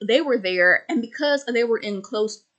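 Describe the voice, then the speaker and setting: A woman with a stutter reviewing a film in casual, rambling chat, full of fillers and repeated words, slipping into quick voices for the characters. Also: a little high, expressive, a bit bright, muffled recording. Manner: acts out characters' lines in quick put-on voices.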